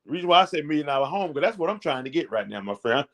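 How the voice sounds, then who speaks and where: Middle-aged guy hyping people up, preachy motivational talk, voice sits a bit high. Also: sing-song, rapid-fire, a bit bright. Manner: preachy, repetitive, fired-up encouragement. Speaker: network marketing channel host.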